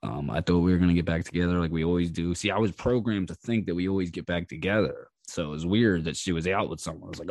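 Male podcast host, low voice, dry close sound; blunt, profane storyteller who laughs a lot and acts out quotes. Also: quick pace, hardly any pauses, a little mellow, dry recording. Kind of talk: personal storytelling monologue.

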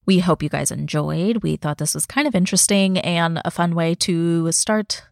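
A woman's voice: lowish voice, moderate pace, gravelly, dry recording, studio quality. A young woman in her twenties co-hosting a podcast, reading listener stories aloud and cutting in with blunt, profane reactions. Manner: blunt, swears freely, interrupts her own reading with reactions. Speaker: podcast co-host.

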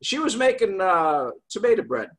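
An older man, a guest, telling a long story in a casual, rambling way, with pauses and fillers. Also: sits high, very animated, fairly bright tone.

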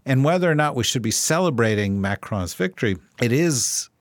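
A man's voice: medium pitch, lively intonation, brisk, no room sound, clean studio sound. A man hosting a political podcast in casual chat, wry and joking, rambling through his points. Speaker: podcast host.

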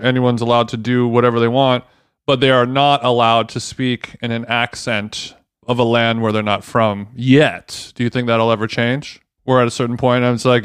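Male podcast co-host, smooth mid voice, laid-back and slangy, dry close mic. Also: medium pitch, no echo. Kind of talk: casual chat.

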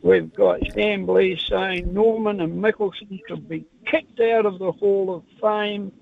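A man calling into a radio show, giving his opinion in a measured way. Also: sits high, fairly even intonation, vocal fry. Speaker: caller. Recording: phone line.

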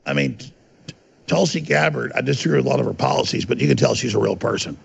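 A gravelly, husky man rants with mounting anger, his pitch jumping all over. He talks emphatically as a podcast guest, and the sound is a little dull and lo-fi. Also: expressive, fast talker. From United States. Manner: angry, ranting, emphatic. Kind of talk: heated podcast interview.

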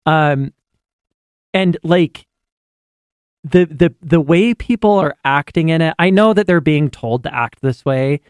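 A man co-hosting a podcast, chatting casually about films and TV, animated, with many fillers and restarts. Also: fairly high pitch, slow pace, long pauses, clear, resonant tone, dry recording. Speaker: podcast co-host. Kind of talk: casual chat.

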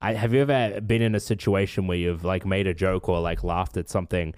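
A young man co-hosting a casual podcast, talking haltingly with lots of restarts and dry sarcasm. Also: low-pitched, steady tone, darkish tone, clean tone, no echo. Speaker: podcast co-host. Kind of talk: casual chat.

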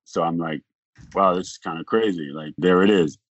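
A man talking as a podcast guest, telling a long story in a rambling way, acting out the other people's lines and filling pauses with "like". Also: sits low, no room sound, highs cut off. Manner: rambling, acts out quoted dialogue, frequent "like". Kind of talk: casual storytelling.

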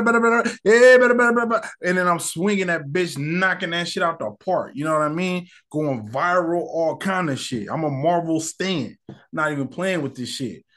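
A young man hosting his own podcast, chatting loosely and candidly in slang. His voice sits a little high for a man, and he rambles from one thought to the next as he talks into his mic. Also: a bit bright. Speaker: podcast host. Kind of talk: casual solo podcast chat.

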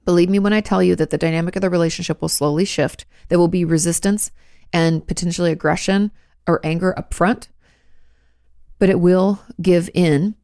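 A woman's voice: fairly low pitch, steady tone, fairly quick, dark tone, clean tone, dry recording, studio quality. A woman therapist giving direct, reassuring advice in answer to viewers' questions. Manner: direct and reassuring, coaching the listener.

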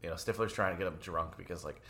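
A man's voice: sits low, fast, pushed and bright. A man co-hosting a podcast, casually and easily talking through a film. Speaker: podcast co-host.

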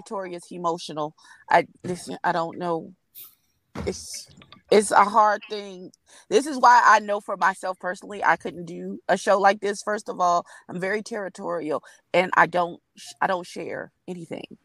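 Woman panelist in a car, candid, lively, dry sound. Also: on the low side, moderate pace, no echo. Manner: candid, animated storytelling. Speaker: review panel guest. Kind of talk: casual chat. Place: sitting in a car.

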